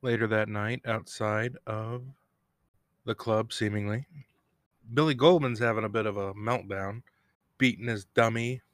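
A podcast host with a lowish voice and fairly even intonation talks a little slowly through a casual solo TV episode recap. He rambles, jokes about himself, and laughs at his own humor. The studio-quality recording has no echo and was made at home, with a cat bell nearby.

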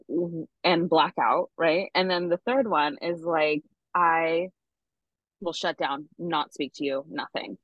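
A woman's voice: fairly low pitch, no echo, muffled recording. A woman co-hosting a podcast, telling a story in a candid, profane, casual way with lots of fillers. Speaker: podcast co-host. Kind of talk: casual chat.

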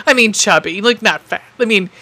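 A woman's voice: mid-range voice, fairly quick, sharp tone. A woman co-hosting a podcast, riffing on a movie in casual chat with crude jokes and mocking asides. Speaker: podcast co-host.

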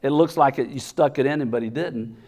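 A man preaching a sermon, telling a comic story with lively, animated delivery and sudden shouted outbursts. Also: mid-range voice, brisk. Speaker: pastor.

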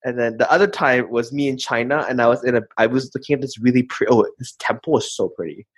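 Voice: mid-range voice, fast talker, husky. A young adult in a casual chat, telling stories with lots of fillers and restarts. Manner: animated storyteller, many fillers.

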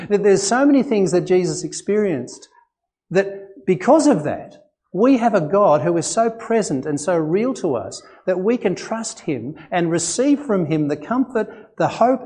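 An Australian-accented male pastor preaches in church with a high-pitched voice. His sermon feels conversational, full of rhetorical questions and lively emphasis.

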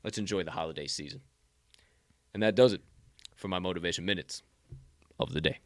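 A man hosting a podcast, giving a loud, profanity-laced motivational rant that swings between shouting and low, intense tones. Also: a little fast, no echo, studio quality. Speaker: podcast host.

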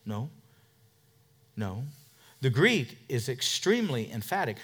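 A man pastor preaching a sermon, emphatic, swinging from loud declarations to hushed asides and asking rhetorical questions. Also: mid-range voice, lively intonation, measured pace. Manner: asks the congregation rhetorical questions.

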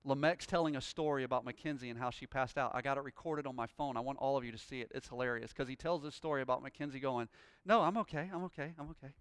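A man preaching a sermon, telling a personal story and rising into loud, joyful praise. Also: medium pitch, steady tone, fast talker, hardly any pauses, clear, resonant tone, dry recording. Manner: exuberant, shouting praise. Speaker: pastor.

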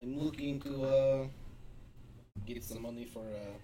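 A man's voice: medium pitch, fairly even intonation, unhurried. A man playing a tabletop game, talking casually and playfully in character and out. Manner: casual, playful player talk. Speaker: player.

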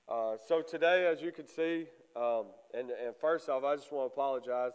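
A congested man preaching a sermon in church, halting often with fillers. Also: mid-range voice, smooth. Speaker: lay preacher. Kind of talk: sermon with prayer. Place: church sanctuary. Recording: long church reverb.

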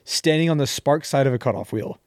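A man's voice: medium pitch, expressive, brisk, darkish tone, no room sound. Stubborn joking man, dry close sound. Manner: stubborn, joking, swears freely. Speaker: podcast co-host. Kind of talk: casual banter. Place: podcast studio.

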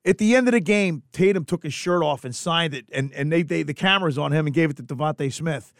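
Rambling man, higher voice, repeats himself. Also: fast talker, dry recording, studio quality. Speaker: sports talk co-host. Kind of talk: heated sports talk.

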